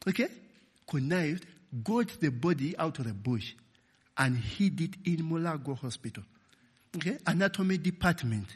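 A man's voice: a little high, slightly rough. A middle-aged Ugandan man preaching a sermon with personal stories, checking in with the congregation with "okay?" and "eh?". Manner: animated, calls "okay?" and "eh?" to the audience. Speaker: pastor. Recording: long echo of a large hall.

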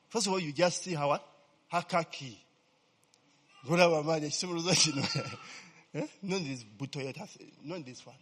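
A man's voice: on the high side, a bit bright, breathy edge, big-room sound. A man preaching a humorous, conversational sermon, constantly checking in with "eh?" and "okay?" and answering his own questions. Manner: peppers talk with "eh?" and "okay?" checks to the congregation.

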